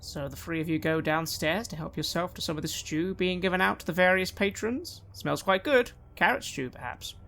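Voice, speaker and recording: Low-voiced woman game master. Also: a bit bright. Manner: descriptive, measured narration. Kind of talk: narrating a tabletop game.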